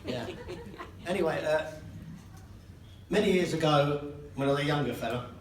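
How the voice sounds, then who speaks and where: An older man gives a father-of-the-bride speech at a wedding reception, poking fun at himself and chuckling as he goes. His voice sits a little high for a man. He is heard from a distance in an echoey hall with noticeable room noise. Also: moderate pace. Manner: joking and self-mocking, laughing between lines.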